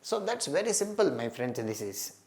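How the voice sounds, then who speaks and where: A man's voice: on the high side, big pitch swings, normal speed, vocal fry, noisy background. A man giving an exam-prep lecture, asking and answering his own questions and repeating key points. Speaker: English teacher.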